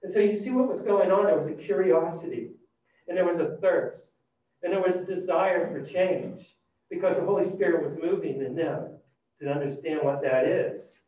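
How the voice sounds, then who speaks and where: A man preaching a sermon, retelling a scripture story with animated, dramatic shifts between loud and hushed delivery. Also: sits high, normal speed. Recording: distant, dull and very echoey.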